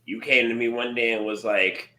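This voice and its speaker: A man's voice: medium pitch, moderate pace, reverberant, poor audio. A man co-hosting a podcast, talking earnestly and thoughtfully about his experience. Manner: earnest, thoughtful, speaks calmly. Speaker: podcast co-host. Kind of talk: casual podcast chat.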